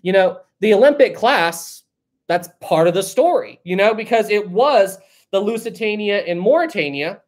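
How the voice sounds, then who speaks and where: A live-stream host chatting casually, reading viewer messages aloud, joking, laughing often and thinking out loud. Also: mid-range voice, animated, moderate pace.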